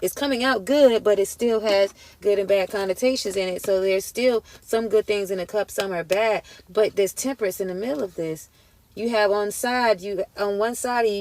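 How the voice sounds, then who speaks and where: A woman's voice: mid-range voice, darkish tone. A woman giving a casual tarot reading to her viewers, emotional and emphatic, full of slang and direct address. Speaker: tarot reader.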